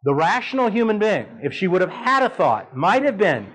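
Animated preacher man telling a story. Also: sits high, moderate pace, few pauses, low-quality recording. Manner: animated storytelling, voice leaping up for dramatic quotes. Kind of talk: sermon with personal story.

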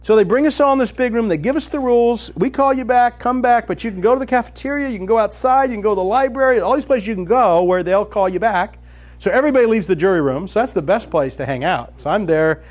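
Lively man telling a story in a sermon. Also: high voice, fast. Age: 50s. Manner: lively storyteller who acts out dialogue.

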